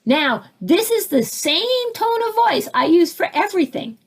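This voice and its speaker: A woman's voice: very high voice, very animated, measured pace. A woman spiritual teacher answering audience questions, who acts out little scenes with sudden swings in her voice.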